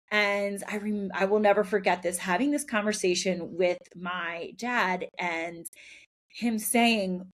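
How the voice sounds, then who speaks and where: A woman hosting a solo podcast, telling a personal story in a candid, reflective way with soft laughs between phrases. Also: medium pitch, fairly even intonation, normal speed. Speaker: podcast host.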